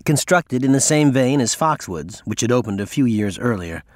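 A man reading a story aloud in steady, measured audiobook narration. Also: mid-range voice, no echo, studio quality. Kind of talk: scripted narration.

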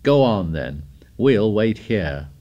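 A man's voice: lowish voice, big pitch swings, slow, dark tone, lo-fi sound. A man reading the lines of a tired, earnest boy leader in an audiobook, strained and insistent. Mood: tense.

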